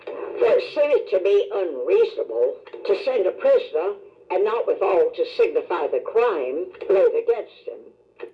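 A woman reading scripture aloud in a measured, formal way, calling out verse numbers. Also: on the low side, very animated, muffled recording. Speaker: scripture reader.

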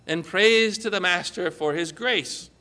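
A man's voice: high-pitched, measured pace. A man preaching a sermon, telling a story vividly and drawing his listeners in with questions. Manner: animated storytelling with vivid dramatizing. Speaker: pastor.

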